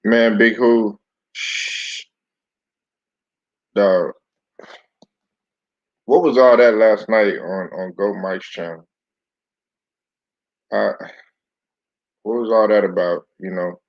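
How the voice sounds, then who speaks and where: A man's voice: fairly low pitch, fairly even intonation, slow, pauses often, no echo, highs cut off. A man hosting a casual live-stream sports talk show, chatty and loose, greeting his viewers by name.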